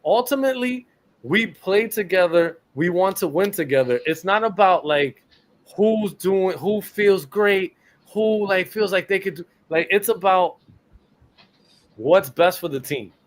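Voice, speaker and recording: A man's voice: high-pitched, animated, unhurried. A man, co-hosting a sports podcast and delivering a blunt, profane rant about a ballplayer. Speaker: podcast co-host.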